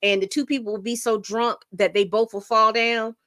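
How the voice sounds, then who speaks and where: A woman's voice: fairly high pitch, level tone, normal speed, fairly bright tone, no room sound. Middle-aged lady chatting loose on her stream, dry close sound, rambles a lot. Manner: chatty, rambling, reads chat aloud. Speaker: livestream host. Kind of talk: casual livestream chat.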